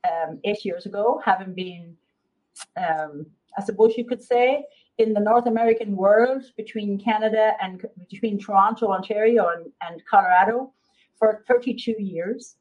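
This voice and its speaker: A woman's voice: medium pitch, moderate pace, phone-quality sound. A middle-aged Irish woman, a guest therapist, chatting freely in an interview, with many fillers and restarts. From Ireland. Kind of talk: casual interview chat.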